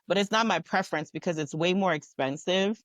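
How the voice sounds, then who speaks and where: Woman from jamaica, light jamaican accent, candid, animated, dry close mic. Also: on the low side, fairly quick, no echo. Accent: light Jamaican, mostly North American. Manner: candid, animated storytelling with laughs. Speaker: guest. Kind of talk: casual conversation.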